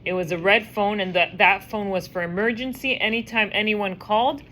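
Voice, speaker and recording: A woman teaching a class, telling a story in a lively, chatty way and acting out the voices. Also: medium pitch, brisk, a little hiss or hum. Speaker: teacher leading a women's class. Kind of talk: casual storytelling lesson.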